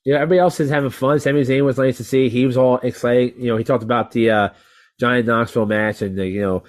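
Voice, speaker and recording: A man co-hosting a wrestling podcast, chatting casually in an animated, rambling way with frequent swearing. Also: mid-range voice, fast. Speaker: podcast co-host. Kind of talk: casual chat.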